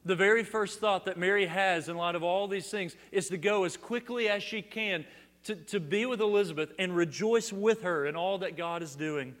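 Preaching at a moderate pace, a middle-aged male pastor with a high-pitched voice alternates between loud declarations and quiet emphasis. He frequently restarts phrases by repeating words, and the recording carries a long hall reverb.

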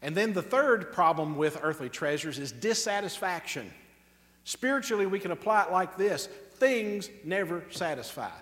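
A man preaching a sermon emphatically, drawing out key words slowly and tossing off quick asides. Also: high voice, animated, fairly bright tone, in a large hall. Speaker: pastor.

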